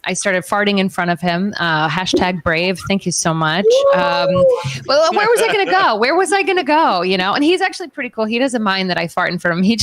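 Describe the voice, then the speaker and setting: A woman's voice: medium pitch, fairly bright tone. A woman in her thirties doing a crude, self-mocking stand-up set for a live stream, often laughing at her own jokes. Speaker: stand-up comedian. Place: New York City.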